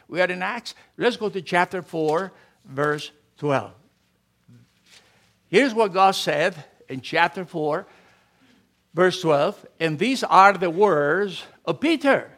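Animated preacher man with a bright, high voice. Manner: animated preaching with emphatic rises and soft asides, non-native grammar. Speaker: pastor. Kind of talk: sermon.

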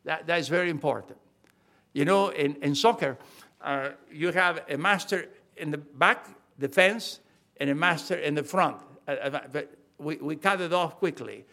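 High-voiced older man preaching emphatically. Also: normal speed, bright, forceful tone. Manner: emphatic, repeats key phrases, frequent restarts. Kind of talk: sermon.

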